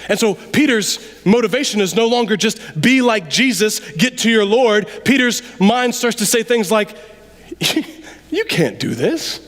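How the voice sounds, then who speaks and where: A man preaching a sermon in a church, talking to the congregation in an animated, conversational way that drops suddenly to quiet asides. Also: sits high, normal speed, few pauses. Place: church sanctuary. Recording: long reverb of a large hall.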